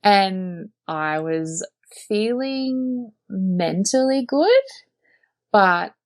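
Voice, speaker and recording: A woman's voice: medium pitch, animated, drawn-out words, no echo. A young woman telling her own birth story in an earnest, chatty way, full of "like" fillers. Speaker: podcast guest sharing her birth story. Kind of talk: casual personal storytelling.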